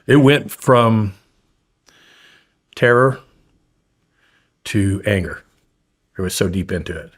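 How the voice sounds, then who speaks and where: A man's voice: on the low side, expressive, slow, pauses often. A man guest in an interview, blunt and profane, intensely retelling a frightening story.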